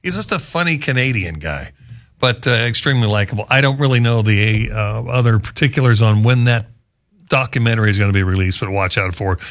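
A man's voice: fairly low pitch, a little fast, fairly bright tone. A man hosting a talk show, chatting casually and jokingly through odd news stories. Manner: chatty, joking, wandering asides. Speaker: radio show host.

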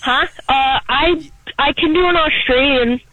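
A man's voice: very high voice, a little slow, bright, forceful tone. A young man calling into a show, talking eagerly and rambling about his interests over a phone line. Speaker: caller. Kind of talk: phone call to a live show.

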